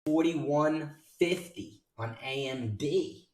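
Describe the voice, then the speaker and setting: A man's voice: a little high, slow, darkish tone, recorded from a distance. Hyped man calling live stock prices. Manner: hyped, rattling off stock prices and chat names. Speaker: day trading show host. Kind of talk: live trading commentary. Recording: roomy sound from off-mic.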